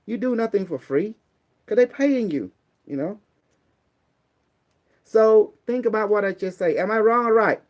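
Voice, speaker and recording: A man's voice: sits high, a little slow, pauses often. Blunt streetwise man giving preachy advice. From Cambodia. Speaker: online talk host. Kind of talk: casual motivational talk.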